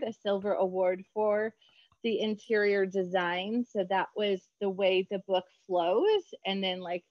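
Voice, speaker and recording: Chatty american woman author, excited, muffled dry call audio. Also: medium pitch, no echo. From United States. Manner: bubbly, quick, quotes herself in lively voices. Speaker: author guest. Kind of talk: casual interview chat.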